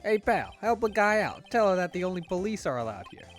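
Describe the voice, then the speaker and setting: A man voicing a gruff, blustering male police detective while reading game dialogue aloud. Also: high-pitched, big pitch swings, fairly quick, faint music behind, voice pushed up. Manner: blustering, calls people pal.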